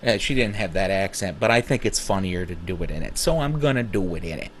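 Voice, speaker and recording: A man telling his own story casually, rambling with many fillers and self-corrections, and growing animated when he acts out dialogue. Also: deep voice, fairly quick, slight background noise.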